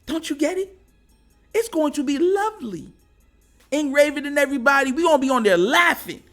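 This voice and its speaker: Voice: high-pitched, animated, fairly quick, fairly bright tone, soft background music. Slangy, trash-talking sports fan host. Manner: trash-talking, slangy, laughs often between lines. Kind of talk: casual sports fan rant.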